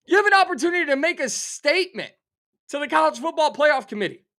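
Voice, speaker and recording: A middle-aged man rants on a sports betting show, animated and sarcastic, playing up his outrage. His voice sits high for a man and sounds sharp and forceful. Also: fast talker. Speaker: sports talk show host. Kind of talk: fired-up sports betting rant.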